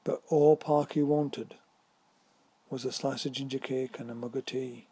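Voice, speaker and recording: A man reads a whimsical story aloud at a measured pace. His voice is mellow and dark with a husky edge. The recording is close and dry. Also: mid-range voice, fairly even intonation, no room sound. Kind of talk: scripted story narration.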